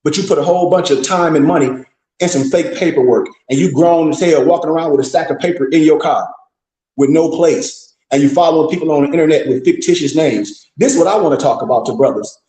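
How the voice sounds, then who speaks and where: A man's voice: fairly high pitch, quick pace, dark tone. A man lecturing a group in a blunt, scolding, profane way, full of rhetorical questions. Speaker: teacher addressing a group. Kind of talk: preaching lecture. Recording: echoey room.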